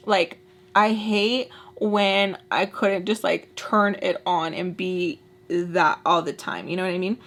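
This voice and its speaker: Animated young woman telling a story. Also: mid-range voice, unhurried. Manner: expressive storyteller, acts out quotes, switches loud and soft. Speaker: beauty vlogger telling a story. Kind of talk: storytime while doing makeup.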